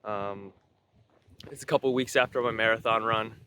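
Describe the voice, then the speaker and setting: A man's voice: lowish voice, fairly even intonation, moderate pace, sharp tone. A young man vlogging casually outdoors on a windy day, rambling with lots of ums and uhs and correcting himself. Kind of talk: casual vlog talk to camera. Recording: faint wind noise outdoors.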